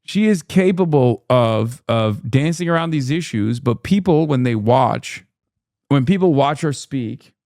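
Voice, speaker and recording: A man's voice: mid-range voice, expressive, unhurried, darkish tone, dry recording, clean studio sound. A man giving blunt, profane, exasperated commentary on a live-stream reaction show. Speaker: political commentator.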